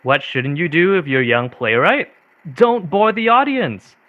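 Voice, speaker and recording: A man's voice: fairly high pitch, big pitch swings, unhurried, no room sound. Man reading quotations expressively. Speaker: reader of quotations. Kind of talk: dramatic reading over video call. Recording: dull muffled video-call audio.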